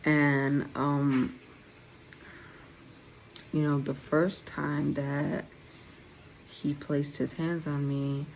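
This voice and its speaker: A young woman vlogger speaks extremely slowly in a low, level, gravelly voice with long pauses, the poor audio carrying a faint hiss or hum. Her dental aligners give her a slight lisp as she candidly tells her own story straight to viewers in a casual, conversational way.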